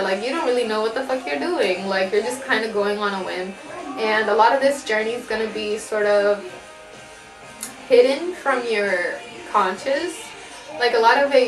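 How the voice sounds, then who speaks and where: Higher-voiced woman, casual swearing tarot reader, echoey home room. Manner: profane, laughing, chatty. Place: home with family noise in background.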